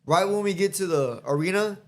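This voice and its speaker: Brisk and high-pitched, this man is a podcast guest trading stories in casual, foul-mouthed chat. He keeps laughing and acts out the things people told him.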